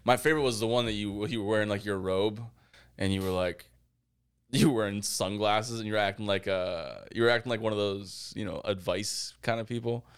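A man's voice: lowish voice, a little fast, clean tone. A man co-hosting a casual podcast who laughs often, teases his partner and swears. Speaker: podcast co-host.

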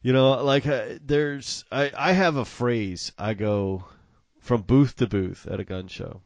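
Relaxed man in dry casual chat. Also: mid-range voice, unhurried, no room sound.

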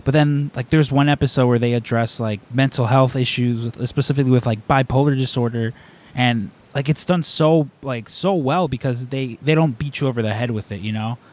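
Male host, rambling casual storyteller, filler-heavy, mid pitch. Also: a little fast. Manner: animated storyteller. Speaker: podcast host. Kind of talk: casual chat.

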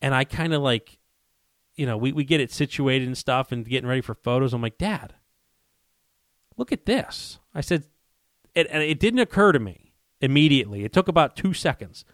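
Man, mid-pitch, dry close sound, animated storyteller who acts out dialogue. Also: quick pace, dry recording. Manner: animated, acts out quoted dialogue, frequent restarts. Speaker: guest telling a hunting story. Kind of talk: casual storytelling on a podcast.

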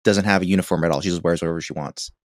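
A man in casual podcast chat, laughing often and adding quick asides about a TV episode. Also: low-pitched, steady tone, no room sound, clean studio sound. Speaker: podcast co-host.

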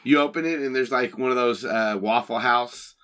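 A man's voice: mid-range voice, moderate pace, bright, forceful tone, clean tone. A man narrating a tabletop game as game master, describing scenes in a laid-back, rambling way with fillers.

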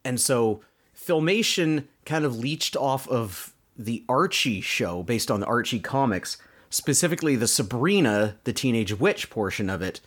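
Lively, sardonic man in casual chat. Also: medium pitch, measured pace. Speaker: podcast co-host. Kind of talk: casual chat, recapping a cartoon.

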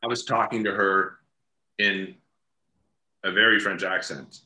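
A man's voice: low voice, steady tone, a little slow, pushed and bright, roomy sound. A man being interviewed as an actor, telling stories in casual chat and laughing as he talks. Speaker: actor guest.

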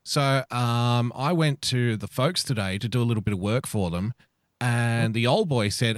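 A man with an Australian accent, co-hosting a live-streamed chat show and telling a lively story, swearing freely. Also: medium pitch, moderate pace, no room sound, studio quality. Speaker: podcast co-host.

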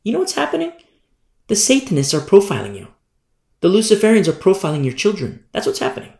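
A man preaching a sermon as pastor, hammering his points by repeating them and swinging between loud and hushed. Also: sits high, huge pitch swings, quick pace, gravelly. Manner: emphatic, repetitive preaching with sharp swings in loudness. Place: church room. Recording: roomy echo.

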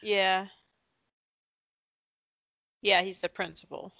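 A woman's voice: mid-range voice, little pitch movement, slow, creaky, bright, forceful tone, no room sound, low-quality recording. A woman co-hosting a podcast, chatting casually during a movie watch-along, teasing and calling out what happens on screen. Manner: teasing, narrates on-screen action, laughs often. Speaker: podcast co-host.

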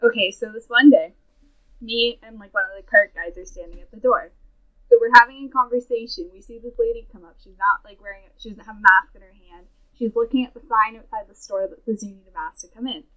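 A young adult woman in a casual chat, telling a story. Her voice sits a little high. She talks in a quick, chatty way, full of "like.". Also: fairly bright tone, muffled recording. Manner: chatty, fast, many "like" fillers.

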